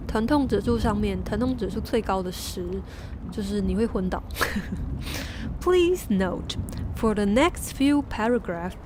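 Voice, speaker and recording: A woman, a Mandarin speaker, reading a book aloud on a stream with halting restarts and chatty asides. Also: medium pitch, noisy background. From Taiwan. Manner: laughing asides between passages.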